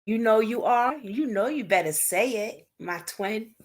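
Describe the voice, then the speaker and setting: Slow-talking woman chatting to her stream. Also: on the high side, lively intonation. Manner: chatty, talks straight to viewers and reads out comments. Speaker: livestream host discussing unsolved cases. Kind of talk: casual live-stream chat. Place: at home at night.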